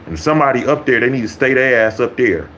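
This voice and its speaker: A man's voice: mid-range voice, expressive, fast talker, fairly bright tone, slight background noise, low-quality recording. A man ranting to his YouTube viewers, blunt and mocking, swearing constantly. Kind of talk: profane ranting vlog.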